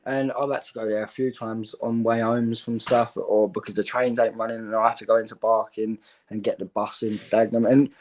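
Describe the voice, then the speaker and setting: A man's voice: fairly low pitch, little pitch movement, a little fast, darkish tone. A man chatting on a football fan show, telling long, rambling stories. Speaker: regular fan show panelist. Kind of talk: casual football chat.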